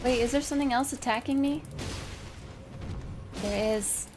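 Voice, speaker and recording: A woman's voice: sits high, a little slow, darkish tone, faint music behind. A woman streamer casually commenting on her gameplay, humming to herself, yelping at deaths and cooing to her cat. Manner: mutters and hums to herself, bursts into yelps.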